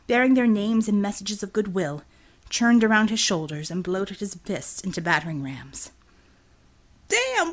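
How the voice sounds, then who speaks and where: Woman reading an audiobook, steady and expressive, middle pitch. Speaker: audiobook narrator. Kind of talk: scripted narration.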